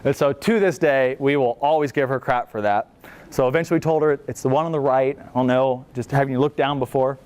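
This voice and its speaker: Male, 30s, veteran speaker; casual storyteller with a smooth, resonant voice at mid pitch. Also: steady tone, a little fast, a little mellow. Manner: casual, joking storyteller, acts out quotes. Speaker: veteran speaker at a library talk. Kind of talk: storytelling presentation.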